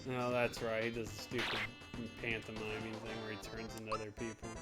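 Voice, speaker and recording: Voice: medium pitch, completely flat delivery, brisk, loud music behind the voice. A co-host joking and laughing through casual commentary on a retro game playthrough. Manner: joking, laughing often, slangy.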